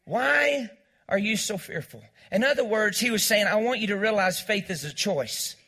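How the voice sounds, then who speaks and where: A man's voice: sits high, expressive, normal speed, pushed and bright. A male pastor preaching a sermon, repeating key lines and calling on the congregation to say them back. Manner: call-and-response preaching, repeats lines, has congregation echo. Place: church.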